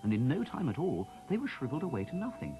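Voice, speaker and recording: A man telling a children's bedtime story, gentle and expressive, his mid-range voice rising and falling very freely. Music plays softly underneath. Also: fairly high pitch, fast talker, low-quality recording. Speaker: narrator. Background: soft music.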